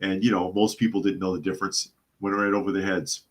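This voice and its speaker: A man's voice: sits low, little pitch movement, a little fast. A man hosting a live news podcast, reading out reports and chat comments and answering them with sardonic remarks. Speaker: podcast host.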